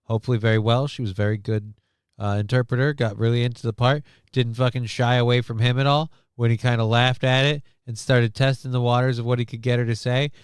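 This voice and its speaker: Stream host, male, casual and profane, smooth voice, dry sound. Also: medium pitch, fast, no echo. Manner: joking, profane, animated retellings.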